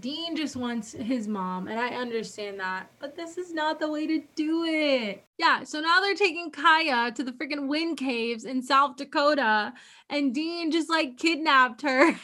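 A young woman giving chatty, excitable commentary as she reacts to a TV show, laughing often. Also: sits high.

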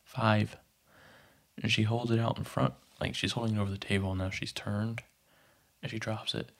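A man's voice: lowish voice, vocal fry. A man casually recapping a TV episode, narrating scenes and briefly acting out quoted lines. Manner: animated, pops into quick character voices for quotes. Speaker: podcast host recapping a TV episode.

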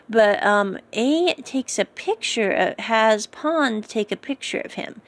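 A woman with a slightly raised voice talks through a show recap in a loose, chatty way. She digresses often, corrects herself mid-sentence and drifts into personal asides. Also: a little high. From United States. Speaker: TV episode recap host. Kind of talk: casual rambling episode recap.

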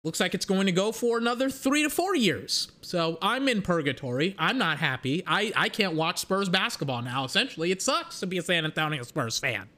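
A young man hosting a casual solo podcast, rambling excitedly and swearing casually. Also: sits high, brisk, few pauses. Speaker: podcast host.

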